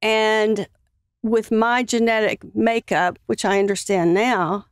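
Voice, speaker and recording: A woman guest on a podcast, earnestly telling a personal story in a halting way with many fillers. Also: mid-range voice, steady tone, clear, resonant tone, dry recording, clean studio sound.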